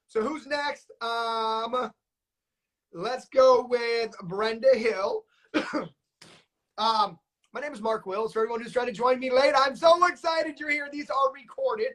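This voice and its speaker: A man hosting a live coaching stream, talking in an energetic, hyped-up way full of slang and fillers. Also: extremely high pitch. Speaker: notary business coach and live-stream host. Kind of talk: live coaching stream, upbeat casual talk.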